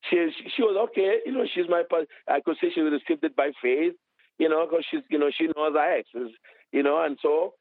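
Preacher guy telling a story, bit high voice, dry tinny phone-like sound. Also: no room sound. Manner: animated storytelling with quoted dialogue. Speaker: minister, author. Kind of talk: testimony in a religious TV interview.

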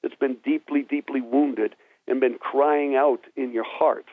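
A man's voice: medium pitch, steady tone, a little slow, dry recording. A man who is a guest minister on a talk show, teaching with earnest emphasis and then praying. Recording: tinny phone-like dry sound.

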